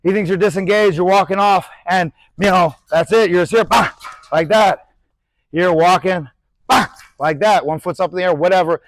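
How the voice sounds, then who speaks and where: Chatty, high-voiced boxing coach. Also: male voice, brisk, dry recording, rough recording. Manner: animated, demonstrates punches with shouted sound effects; loose, chatty, swears casually. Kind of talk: casual instructional talk.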